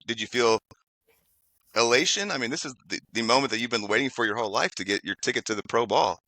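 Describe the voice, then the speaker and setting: A man's voice: medium pitch, quick pace, bright, forceful tone, no echo, rough recording. A man hosting a casual interview, asking questions with stammering restarts and giving short encouraging replies. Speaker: podcast host, interviewer.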